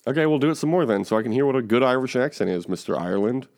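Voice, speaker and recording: A man hosting a casual podcast, joking around and tossing mumbled asides between louder bits. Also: medium pitch, lively intonation, rapid-fire. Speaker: podcast host.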